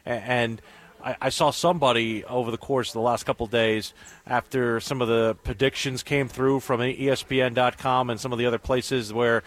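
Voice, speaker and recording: A man's voice: mid-range voice, fairly even intonation, normal speed. A man hosting sports radio talk, rambling and repeating words as he works through a point.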